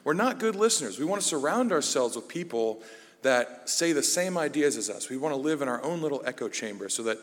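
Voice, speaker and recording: A man's voice: fairly high pitch, brisk. Man teaching in a reverberant hall. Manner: self-deprecating storyteller, relaxed and conversational. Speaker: Bible study teacher. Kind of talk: conversational sermon.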